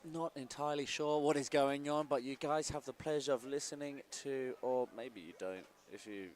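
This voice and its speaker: A man's voice: mid-range voice, normal speed, a little mellow. A man doing casual, jokey live-stream commentary at a sports event, bantering and laughing with his co-host.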